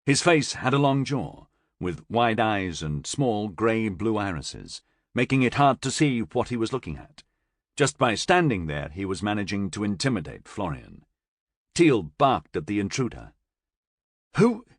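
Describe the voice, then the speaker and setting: Reading from a science fiction audiobook script, a man narrates with expressive storytelling flair. His voice leans low and his pace is moderate, and the studio recording is clean with no echo.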